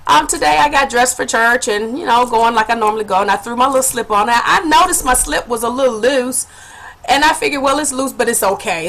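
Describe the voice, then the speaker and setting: A woman with a fairly high, bright voice tells a personal story straight to her viewers. She is animated and laughs often, and she keeps calling them honey. It sounds like a casual home vlog. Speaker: vlogger.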